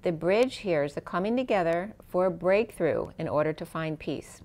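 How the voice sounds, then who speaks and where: Soft-spoken tarot reader, fading voice. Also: female voice, lowish voice, animated, normal speed. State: losing her voice. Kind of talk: spiritual tarot reading.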